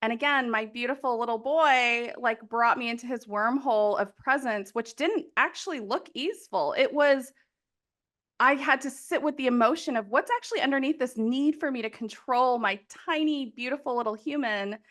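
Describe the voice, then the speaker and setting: A woman's voice: on the high side, normal speed, a bit bright. A woman in her thirties hosting a podcast, talking emotionally and rambling, often laughing. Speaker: podcast host. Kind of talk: casual conversation.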